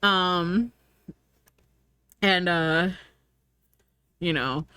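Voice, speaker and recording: A woman streamer chatting casually, full of fillers and "like", acting out her own thoughts in lively quoted asides. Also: on the low side, extremely slow, clear, resonant tone, dry recording. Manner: frequent fillers and "like". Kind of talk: casual rambling chat.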